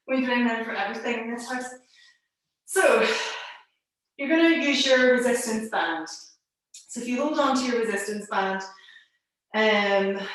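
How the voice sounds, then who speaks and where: A woman teaching a live online pilates class from home over a video call, calmly giving cues and counting down holds, a little out of breath. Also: on the high side. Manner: calm instructing, counting holds aloud. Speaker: pilates instructor. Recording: echoey room, distant mic.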